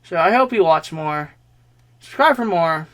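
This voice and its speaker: A man's voice: on the high side, animated, a little slow, a bit bright. A young man vlogging a rambling personal story in a casual way, swearing often and laughing between lines.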